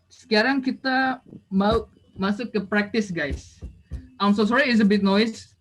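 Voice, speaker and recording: A man's voice: sits high, low-quality recording. An Indonesian man teaching English in a casual online class, chatty and switching languages, heard over a video call.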